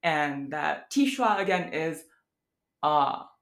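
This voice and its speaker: A woman with a Midwestern American accent explains pronunciation in an unhurried, casual way, pausing on fillers as she thinks. Her voice sits fairly low for a woman. She demonstrates each sound slowly, laughing lightly now and then. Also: animated. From Wisconsin, USA. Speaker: language teacher.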